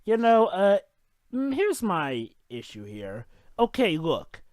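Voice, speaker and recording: A high-voiced man with a lively, swooping delivery, chatting through a movie with friends. He rambles and questions the plot. The sound is close and dry, with almost no room around him. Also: no room sound. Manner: rambling, questioning, quick to object. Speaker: podcast co-host. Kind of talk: casual movie commentary.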